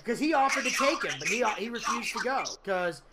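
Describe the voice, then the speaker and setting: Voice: medium pitch, lively intonation, fairly quick, heavy background noise. A podcast host giving a casual, rambling plot recap of a TV show, with personal asides.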